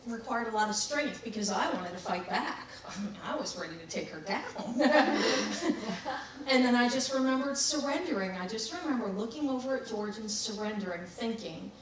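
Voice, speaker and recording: Woman, highish voice, candid reflective talk, heavy room echo, mic set back. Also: expressive, moderate pace. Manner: candid, laughs at herself. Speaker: spiritual speaker. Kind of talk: reflective talk on personal growth. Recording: very echoey room, distant mic, faint noise.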